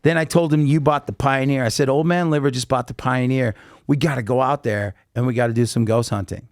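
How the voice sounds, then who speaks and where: A man in casual chat who tells his story with energy and jumps into the voices of the people he quotes. His voice sits at an ordinary middle pitch. The sound is dry and close, with no room around it. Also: brisk, dry recording. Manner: animated storyteller acting out quotes. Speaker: podcast guest, singer.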